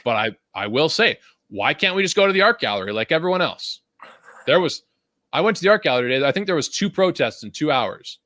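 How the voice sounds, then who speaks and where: This young man's voice is fairly high-pitched and fast, captured in a dry recording with clean studio sound. A co-host of a casual podcast from Vancouver, Canada, he rants with animation, swearing, and laughter.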